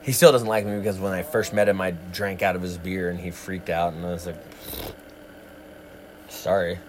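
A deep male voice with fairly even intonation and a normal pace, carrying a little hiss or hum. He's co-hosting a livestream, chatting casually and rambling through long stories thick with profanity.

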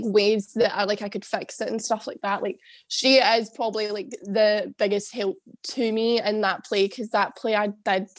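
A young Scottish woman, a former drama student, in a rambling casual chat, laughing often and swearing. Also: mid-range voice. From Scotland. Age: young adult.

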